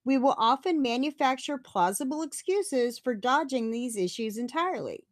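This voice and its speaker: A woman's voice: high-pitched, lively intonation, normal speed, no room sound, studio quality. A middle-aged woman, hosting a recovery meeting from home and chatting casually and digressively with her viewers. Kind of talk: casual livestream talk. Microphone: webcam or phone camera.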